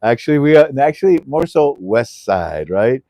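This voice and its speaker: Man, livestream host, jokey and chatty, middle pitch, dry close sound. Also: animated, moderate pace, no room sound. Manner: chatty, jokey, addresses listeners as ladies and gentlemen. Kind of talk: casual livestream talk with prayer. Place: on the west side of Oahu with friends.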